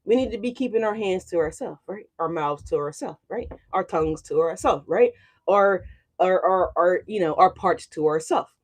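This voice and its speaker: A tarot reader talks to a livestream audience in a blunt, profane rant. The voice sits at a middle pitch, and the loudness swings as the story heats up and cools down. The reader keeps asking listeners whether they follow. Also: moderate pace. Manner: blunt and profane, with frequent "you know what I'm saying". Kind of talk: casual livestream chat.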